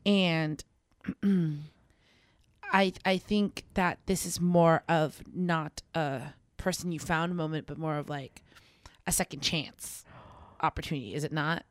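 A young woman co-hosting a college radio talk show, chatting casually and reflectively about relationships, with quick asides. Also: low voice, steady tone, dry recording, clean studio sound. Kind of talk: casual advice chat.

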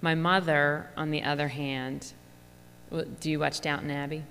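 A woman's voice: sits low, level tone, moderate pace, long reverb tail, heavy background noise. A woman with a Philadelphia accent giving an effusive, chatty, humorous talk to an audience as an author. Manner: effusive, chatty, laughs often. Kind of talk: lively humorous stage talk. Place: large hall before an audience.

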